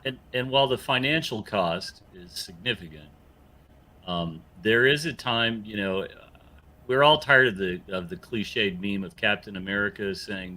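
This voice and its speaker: A man's voice: on the low side, expressive, normal speed, sharp tone. A man co-hosting a livestream, talking emphatically and persuasively. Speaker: co-host. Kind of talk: casual livestream chat.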